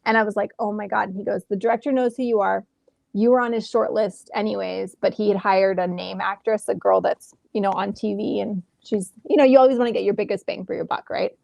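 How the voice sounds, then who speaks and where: A woman in her thirties, an actress telling a lively story in a casual interview from home over a video call, acting out the exchanges she quotes. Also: medium pitch, brisk, gravelly, no room sound. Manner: animated, acts out quoted exchanges. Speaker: actress guest.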